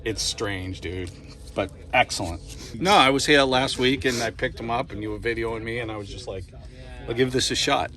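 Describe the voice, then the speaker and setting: A man chatting casually in a comic book shop, rambling and animated, laughing often. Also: mid-range voice, moderate pace, faint music behind. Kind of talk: casual chat.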